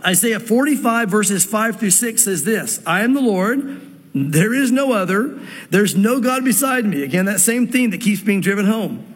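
A man preaching a sermon to a church audience. He reads scripture slowly and then explains it in quick asides. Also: sits high, expressive, husky, long reverb tail. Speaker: pastor.

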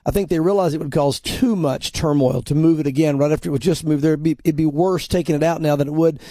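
A man's voice: on the high side, quick pace, mellow, dry recording, studio quality. A man, a pastor, giving conversational podcast commentary. He talks emphatically, repeats words while building a point, and slips into quoted voices. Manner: acts out other people's lines in quoted voices.

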